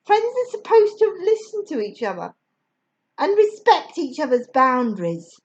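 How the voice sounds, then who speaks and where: Woman putting on a high, exasperated schoolgirl. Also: wildly swooping pitch, a little slow, highs cut off, heavily acted. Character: high-voiced upset schoolgirl, blunt and exasperated.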